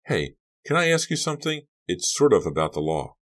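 A man's voice: fairly low pitch, big pitch swings, fairly quick, voice pushed up. A man voicing a tense, defensive teenage boy whose voice rises sharply when he gets angry. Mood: irritated. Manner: rising and sharp in anger.

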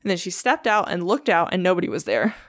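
A woman's voice: on the low side, big pitch swings, quick pace, no echo, clean studio sound. A young woman hosting a podcast, retelling ghost stories in a loose, profane, filler-heavy way. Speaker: podcast host. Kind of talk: casual storytelling chat.

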